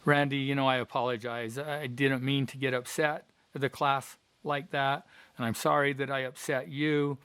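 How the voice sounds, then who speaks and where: A man voicing a schoolteacher who apologizes gently to a pupil. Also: mid-range voice, flat delivery, normal speed, smooth, dry recording, lightly acted. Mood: apologetic.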